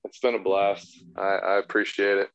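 A man's voice: fairly low pitch, little pitch movement, normal speed, dull audio, a little hiss or hum. A man in his thirties, a podcast guest, telling profane, self-mocking stories in casual chat.

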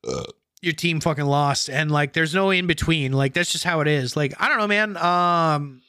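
Brash swearing guy, bit high voice. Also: normal speed, bright, forceful tone, dry recording. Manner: brash, profane, hesitant fillers. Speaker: podcast guest. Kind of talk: casual chat.

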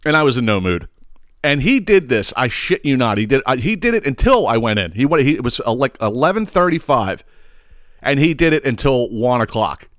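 A man hosting a podcast, ranting with crude humor and open exasperation. His voice is smooth and resonant, swinging widely in pitch, and the recording is dry and close. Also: very animated, a little fast, fairly bright tone, no room sound. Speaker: podcast host. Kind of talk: comedic rant.

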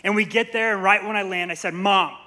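Man, sermon, high bright voice, animated storytelling, playful asides. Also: fast talker. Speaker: pastor. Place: church sanctuary.

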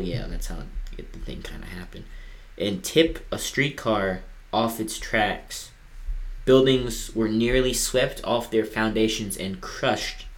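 A man co-hosting a podcast, chatting casually, cracking jokes and reading facts aloud. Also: medium pitch. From Iowa. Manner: joking, reads facts aloud from a screen. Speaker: podcast co-host. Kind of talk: casual chat.

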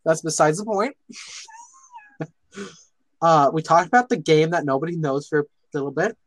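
A young man with a notably high voice chats casually on a podcast recorded over a voice call. He rambles and stumbles over his words, laughing often. The sound is dry and close. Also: animated, moderate pace, dry recording. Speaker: podcast co-host. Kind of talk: casual chat. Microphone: online voice call.

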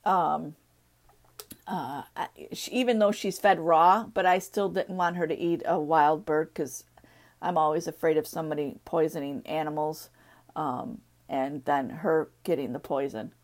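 A middle-aged woman chatting casually about training her dogs, rambling and animated as she acts out what the dogs would say. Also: sits low, unhurried. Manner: rambling, animated storytelling with acted-out dog voices. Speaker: dog owner sharing training tips. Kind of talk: casual chat.

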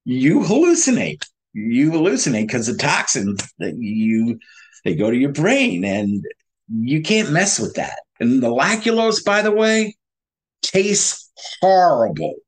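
A man speaks as a guest over a video call, recounting his experiences in a slow, unhurried way. His pitch sits in a middle range, and he livens his telling with laughs and by acting out what people said. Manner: animated, laughing, acting out his own past dialogue. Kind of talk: conversational storytelling.

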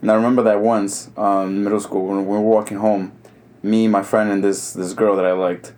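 A man's voice: on the low side, level tone, a little fast, a little mellow. A young man co-hosting a podcast, telling rambling stories with frequent laughter. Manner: laughs often, rambling with restarts. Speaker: podcast co-host. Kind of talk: casual storytelling chat.

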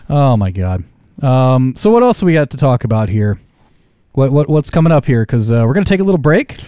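A man riffing through casual podcast banter, his pitch bouncing all over as he teases and jokes. His voice is mellow and warm, recorded dry and close. He hams up the show's bits with playful mock announcements. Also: very animated, normal speed, long pauses, clean tone, dry recording. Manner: joking, teasing, hams up show intros. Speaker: podcast co-host.

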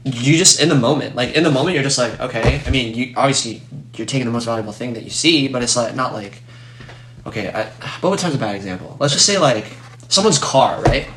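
A man's voice: medium pitch, brisk. Rambling young man in an echoey room. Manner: rambling, filler-heavy, animated explanations. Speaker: podcast co-host. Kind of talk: casual chat. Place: room in a home. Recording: echoey room with steady noise.

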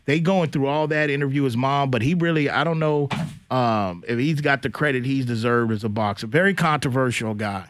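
A man's voice: mid-range voice, fairly quick, dry recording. A man hosting a sports podcast, telling long rambling stories in a loose, slangy way. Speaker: podcast host. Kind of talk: casual sports chat.

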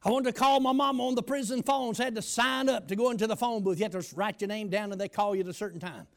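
Preacher guy, real high gravelly voice, tells his story then belts it out slow. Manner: preaches in bursts, shouting and slowing for emphasis. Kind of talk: storytelling sermon.

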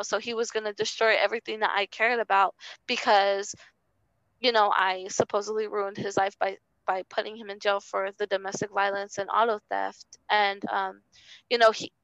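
A young woman speaking in an interview with a gravelly, fry-edged voice that still sounds smooth and full. She talks haltingly and earnestly, restarting phrases and leaning on fillers. The sound is close and dry. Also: medium pitch, bright, forceful tone, no room sound, low-quality recording. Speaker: interview guest. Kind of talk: personal testimony in conversation.

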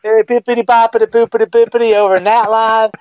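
A man playing the ghost of a loud older male baseball announcer in a comedic impression sketch, boisterous and rambling. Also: sits high, level tone, fast talker, noisy background, natural voice. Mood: brash. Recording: dull lo-fi podcast audio.

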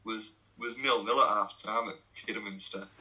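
A man's voice: lowish voice, fairly even intonation, moderate pace, pushed and bright, low-quality recording. A young English man, a non-league footballer, telling laddish stories in a casual podcast chat, swearing and laughing as he goes.

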